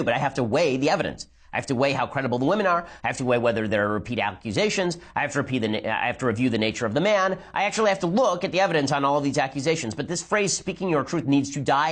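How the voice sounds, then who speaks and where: Sarcastic, argumentative male commentator. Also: on the high side. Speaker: political commentator. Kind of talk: sarcastic commentary reacting to a speech.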